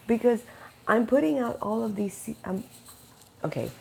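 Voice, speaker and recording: Woman with a low gravelly voice, dark tone, chatty faith story, acts out the back-and-forth, faint hiss behind. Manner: animated storytelling, acting out quoted dialogue with quick pitch jumps; slows down and turns earnest when preaching. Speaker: Christian speaker sharing a testimony. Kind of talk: casual spoken testimony.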